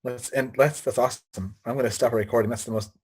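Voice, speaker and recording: A woman tutor talking casually in a warm, openly emotional way. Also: very deep voice, steady tone, fast, slightly rough. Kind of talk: casual chat.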